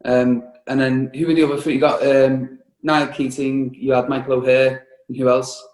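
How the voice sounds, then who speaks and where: A man's voice: mid-range voice, little pitch movement, darkish tone. A man who is a chef, chatting on a video call in a jokey, teasing way and laughing often. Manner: jokey and teasing, laughs a lot, talks in quick bursts. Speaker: chef and restaurant owner. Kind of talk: casual interview over a video call. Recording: roomy video-call audio.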